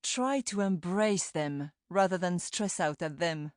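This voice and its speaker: A woman's voice: on the low side, unhurried, dry recording, clean studio sound. A woman reading a scripted language lesson for an audiobook, demonstrating words carefully. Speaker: language tutor.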